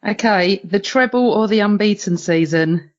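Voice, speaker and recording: A woman co-hosting a podcast, firing off quick, bubbly questions at a guest. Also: mid-range voice. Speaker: podcast co-host. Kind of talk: casual chat. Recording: dull lo-fi recording.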